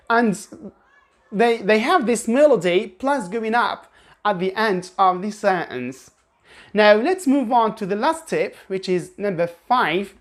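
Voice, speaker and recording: A woman's voice: medium pitch, expressive. A woman teaching English pronunciation in an online lesson, demonstrating sounds by repeating words with exaggerated intonation and often restarting her sentences. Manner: restarts often, halting explanations.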